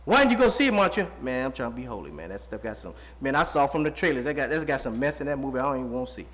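A man's voice: extremely high pitch, rapid-fire, a bit bright. A man voicing a young male churchgoer who sheepishly says he skipped a racy movie.

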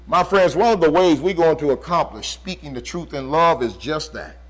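A man preaching a sermon, swinging from loud emphasis to hushed lines and slowing down to stress repeated phrases. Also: a little high, lively intonation, poor audio. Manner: preaching with dramatic swings in volume and slow, drawn-out emphasis.

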